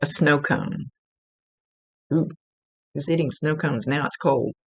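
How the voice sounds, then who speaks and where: A woman's voice: low-pitched, slow, slightly rough. A woman working as a psychic medium, giving a casual, rambling reading and often correcting herself mid-sentence. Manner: chatty, rambling, self-correcting.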